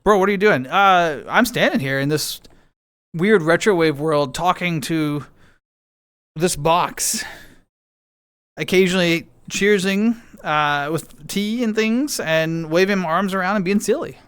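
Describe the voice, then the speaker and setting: A man's voice: high-pitched, measured pace, a bit bright, clear, resonant tone. A man streaming from home, chatting casually with viewers in a playful, chatty way. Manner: chatty, bouncy intonation, playful. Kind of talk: casual chat reading viewer messages.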